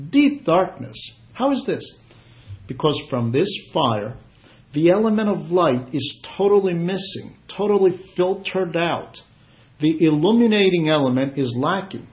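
A man preaching a sermon in an earnest, measured way, rising for emphasis. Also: on the high side. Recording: dull lo-fi recording.

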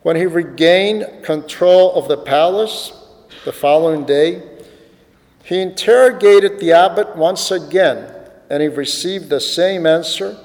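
A man preaching, telling a story dramatically and dropping to hushed, reflective asides. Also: high-pitched, unhurried, long reverb tail. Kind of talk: sermon storytelling.

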